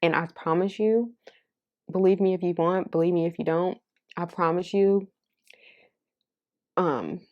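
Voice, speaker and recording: A woman with a notably low, deep voice reads tarot cards for her audience. She talks in a casual, heartfelt and candid way and swears freely. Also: measured pace, long pauses, muffled recording. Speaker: tarot card reader. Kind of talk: casual pick-a-card tarot reading.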